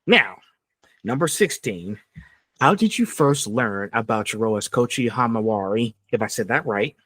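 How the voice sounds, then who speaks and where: A man's voice: fairly low pitch, lively intonation, a little slow, a bit bright, dry recording. A young man from Georgia in the US hosting a casual podcast interview, asking eager fan questions. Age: young adult. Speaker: podcast host.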